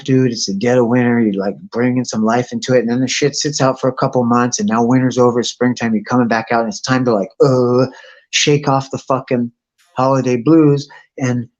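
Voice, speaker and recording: A mid-range male voice comes through with the highs cut off. He hosts a live stream from home and the surrounding outdoors, casually chatting and animatedly rambling through crude, profanity-filled stories.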